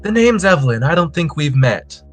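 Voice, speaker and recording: A man's voice: on the high side, very animated, moderate pace, soft background music, pitched above the performer's own voice. A man voicing a courteous woman who welcomes guests into her home. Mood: welcoming. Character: polite woman, lady of the house.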